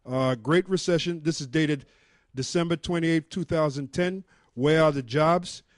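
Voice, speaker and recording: A man's voice: on the high side, unhurried, dry recording. Earnest man reading out an article, dry sound. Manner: earnest, explanatory, with fillers and restarts. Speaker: member of a religious group presenting research.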